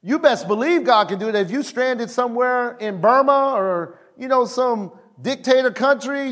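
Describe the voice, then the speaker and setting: A man's voice: extremely high pitch, normal speed, few pauses, a bit bright. A male pastor preaching a sermon at a church service, calling out exclamations and stretching key words for emphasis.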